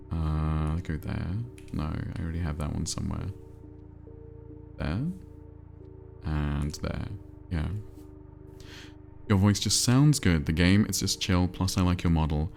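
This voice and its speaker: A man streaming a cozy game, chatting in a relaxed, rambling way and answering his chat. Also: very deep voice, gravelly. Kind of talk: casual chat while playing a cozy game.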